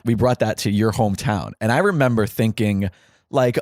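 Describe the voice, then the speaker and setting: A man from New York hosting a podcast, animated and fast-talking, chatting casually and laughing often. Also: lowish voice, no room sound, clean studio sound. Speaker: podcast host.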